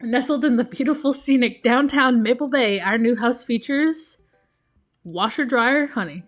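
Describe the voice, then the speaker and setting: A woman voicing a warm, corny middle-aged single dad in a video game, with dorky jokes and a mock announcer tone. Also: fairly high pitch, moderate pace, soft background music, lightly acted. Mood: goofy.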